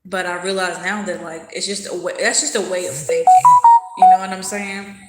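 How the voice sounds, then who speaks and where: A woman's voice: on the low side, fairly even intonation, a little fast, roomy sound, over loud music, rough recording. A woman hosting a casual livestream, talking candidly and thoughtfully while she eats and answers viewers' comments. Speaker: livestream host.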